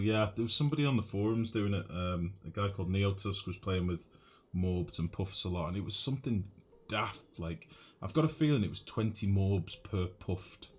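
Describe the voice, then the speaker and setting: A young northern Englishman from the northwest streams a game live, his voice sitting low with a darkish tone over slight background noise. He talks through his thoughts out loud and chats easily with his audience, calling them mate.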